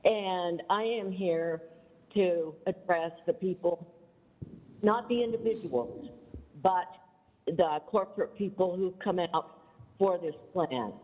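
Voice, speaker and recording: A woman in her seventies making an emphatic, defiant public comment at a council meeting, calling in remotely. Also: fairly low pitch. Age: 70s. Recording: tinny phone line played into a reverberant hall.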